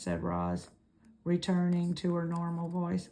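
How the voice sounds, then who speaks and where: A woman reading a children's novel aloud, unhurried, with occasional slips and self-corrections. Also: fairly low pitch, completely flat delivery, vocal fry, warm tone, rough recording. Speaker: reader.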